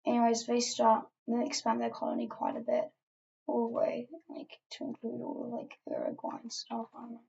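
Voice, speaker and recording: Rambling, gravelly, offhand young woman. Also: a little high, monotone, fairly quick, hardly any pauses, darkish tone, dull audio. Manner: rambling, offhand, with many fillers and asides. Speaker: alternate-history mapper. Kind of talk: casual map narration while editing.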